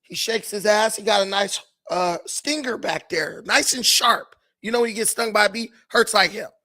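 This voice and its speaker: Man, host, casual fable telling, slangy, animated, bright forceful voice. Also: high voice, moderate pace.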